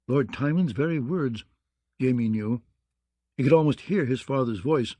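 A man narrating an audiobook with a steady, measured delivery. His voice sits at an ordinary middle pitch. The recording is close and dry, with no room sound. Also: no room sound. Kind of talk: scripted narration.

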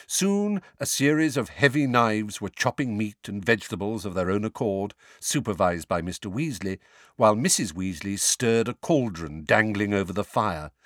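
Male audiobook narrator, low, animated reading, dry close sound. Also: no echo. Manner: lively expressive reading. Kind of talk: scripted narration.

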